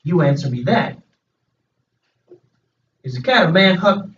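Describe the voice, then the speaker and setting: A man's voice: sits high, lively intonation, measured pace, fairly bright tone. A man voicing a clever teenage boy who argues patiently in rustic dialect, recorded from a distance in an echoey room with a dull sound. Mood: reasoning. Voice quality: rustic dialect speech, plain reading voice.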